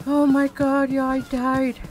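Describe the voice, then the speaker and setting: A woman's voice: high-pitched, completely flat delivery, slow, a little mellow. A woman streaming a horror game, gasping and exclaiming to her viewers as she plays. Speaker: gaming streamer.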